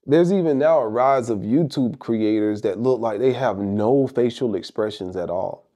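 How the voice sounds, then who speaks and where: A man's voice: mid-range voice, moderate pace, mellow. A middle-aged man giving a motivational monologue, emphatic and rhetorical, repeating phrases for effect. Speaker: motivational speaker.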